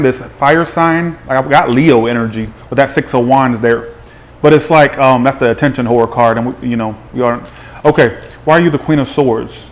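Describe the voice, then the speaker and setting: A man hosting a live tarot reading, chatty and animated, greeting viewers by name as he talks. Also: mid-range voice. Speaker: tarot reader.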